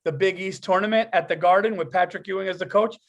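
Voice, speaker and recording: A man co-hosting a podcast, talking in an excitable, profane way and laughing mid-sentence. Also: high-pitched, fast talker, highs cut off. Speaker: podcast co-host. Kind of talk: casual chat.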